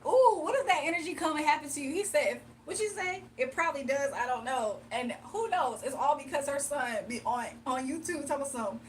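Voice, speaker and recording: Young woman, livestream host, high voice, teasing and giggly, slightly off-mic. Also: animated, a little fast, few pauses, distant mic, a little hiss or hum. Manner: playful, teasing, laughs often, mimics commenters in a deep voice. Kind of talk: casual livestream chat, reading comments.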